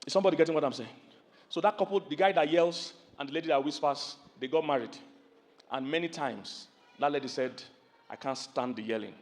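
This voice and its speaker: Preaching a sermon a little fast, this middle-aged Nigerian pastor has a high, spirited voice. Along the way he acts out loud voices, tells vivid stories, and calls out questions to those listening.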